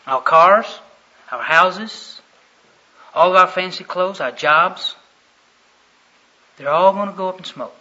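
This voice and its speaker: A man preaching a sermon, with dramatic swings from hushed to loud. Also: sits high, slow pace, pauses often. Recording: dull lo-fi recording.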